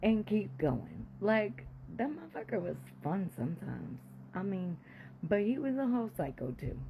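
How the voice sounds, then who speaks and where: A woman's voice: medium pitch, normal speed, gravelly, highs cut off, a little hiss or hum. A woman telling a casual storytime monologue, blunt, profane and candid, sometimes dropping suddenly into a whisper. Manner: animated, with sudden drops to a whisper.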